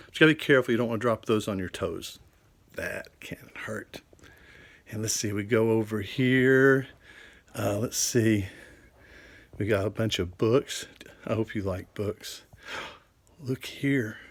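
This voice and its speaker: A man's voice: lowish voice, steady tone, a little slow. Corny older man talking to kids. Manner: cheerful, corny jokes, speaks to kids. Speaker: children's Bible class teacher. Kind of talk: children's show talk. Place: home office, indoors.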